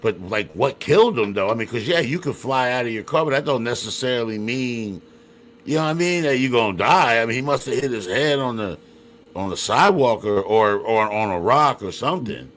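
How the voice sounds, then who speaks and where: A man's voice: medium pitch, animated, brisk, fairly bright tone. A man hosting a casual interview, asking blunt questions and reacting with casual swearing. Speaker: host.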